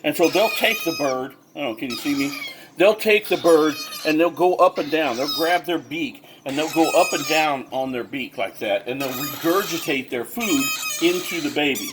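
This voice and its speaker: A man's voice: a little high, big pitch swings, moderate pace, noisy background. A man who breeds birds gives a casual how-to demonstration, explaining step by step with lots of fillers and restarts. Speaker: bird breeder.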